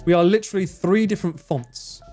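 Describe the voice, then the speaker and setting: Soft-spoken Essex streamer, faint music. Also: male voice, sits high, a little fast. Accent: Essex English. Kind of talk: casual livestream chat.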